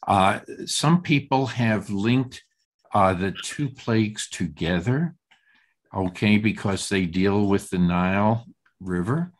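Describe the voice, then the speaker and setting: An older man leading a group text study, talking haltingly with many fillers and restarts. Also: lowish voice, animated.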